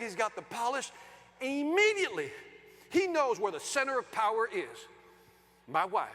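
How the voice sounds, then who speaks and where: A middle-aged man gives a comic keynote, swinging between loud bursts and hushed asides on a conference stage. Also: high voice. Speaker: keynote speaker. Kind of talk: comedic keynote storytelling. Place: large conference hall stage. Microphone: stage microphone. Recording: long reverb of a large hall.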